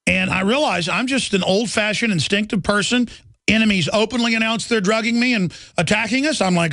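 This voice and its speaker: A man's voice: high-pitched, brisk, sharp tone, no echo. A middle-aged man hosting a talk radio show, delivering an urgent, ranting monologue full of "uh" fillers. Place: radio studio.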